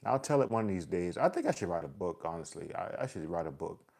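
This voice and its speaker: A man's voice: deep voice, very animated, fast, creaky, darkish tone. A man talking earnestly to his followers about his faith, casual and repetitive, with heavy sighs. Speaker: vlogger sharing faith testimony. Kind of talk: heartfelt personal talk to followers.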